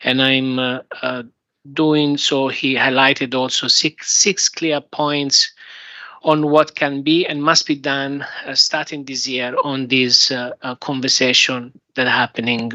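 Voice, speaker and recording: A man with an Italian accent delivers formal closing remarks in a bright, forceful tone. His pitch stays flat and he stops often on fillers and restarts. The sound is dry and dull, like lo-fi conference audio. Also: no echo. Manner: halting, with many fillers and restarts. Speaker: UN representative giving closing remarks. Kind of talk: formal speech at a workshop.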